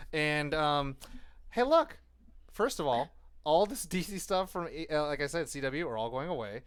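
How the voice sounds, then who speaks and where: A man co-hosting a casual nerd-culture podcast, talking in long animated rambles and swearing freely. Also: a little high, measured pace, a little hiss or hum. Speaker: podcast co-host. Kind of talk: casual chat.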